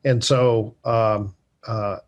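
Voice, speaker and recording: A man's voice: lowish voice, fairly even intonation, extremely slow, muffled recording. A man in a podcast conversation, starting hesitantly with fillers as he builds his point. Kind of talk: conversational discussion.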